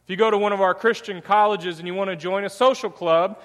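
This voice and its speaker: A man's voice: high voice, steady tone, quick pace, fairly bright tone. Man preaching in a reverberant hall. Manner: conversational, storytelling with quoted dialogue. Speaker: pastor. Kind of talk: sermon with personal storytelling. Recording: long reverb of a church hall.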